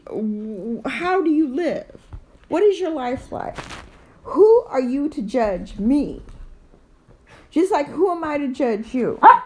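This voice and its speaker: Middle-aged woman, high-ish lively voice, blunt and profane, rambling vlog storyteller. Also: rough recording. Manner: rambling with many fillers. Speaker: vlogger. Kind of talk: casual storytelling.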